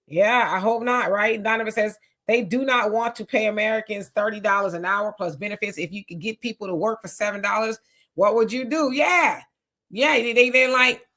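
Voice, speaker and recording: A woman hosting a casual live commentary, reading viewer comments aloud and reacting in an outspoken, animated way. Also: mid-range voice, a little fast.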